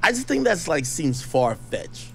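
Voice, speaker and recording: A man's voice: fairly high pitch, wildly swooping pitch, a little slow, vocal fry, slight background noise. A man reading news reports aloud and breaking off into casual, skeptical, slangy commentary. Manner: chatty, skeptical, slangy asides. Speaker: online commentator.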